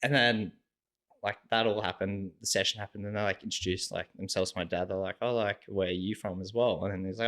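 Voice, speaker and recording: On the low side and quick in pace, this young Australian man's voice carries a casual storytelling chat on a podcast where he's a guest. He's relaxed and animated, performing what people said, with "like" in almost every sentence.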